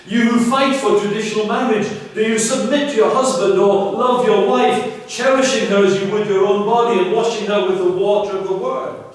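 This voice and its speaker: A man preaching a sermon as pastor, earnest and emphatic, pressing his listeners with rhetorical questions. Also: high-pitched. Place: church sanctuary. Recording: very echoey church, voice from a distance.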